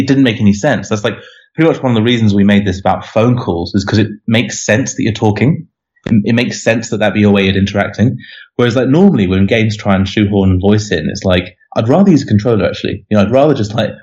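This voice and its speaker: A man's voice: lowish voice, quick pace, a little mellow, dull audio. A man being interviewed as a game developer, talking casually and rambling with lots of "you know" and restarts.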